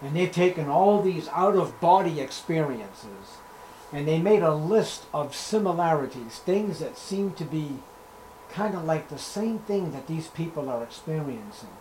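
Man, preacher, sermon, somewhat high voice, loud then hushed delivery, faint background hum. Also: lively intonation, unhurried, low-quality recording. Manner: emphatic, swings between loud declaiming and hushed asides; reads scripture in old-fashioned biblical wording.

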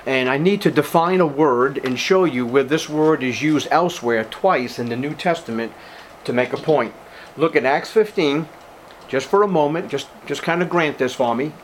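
Emphatic preaching man, fairly high-pitched. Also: normal speed, a little hiss or hum. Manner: emphatic preaching, repeats key words, addresses listeners as beloved. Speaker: pastor. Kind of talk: sermon. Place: church service with congregation.

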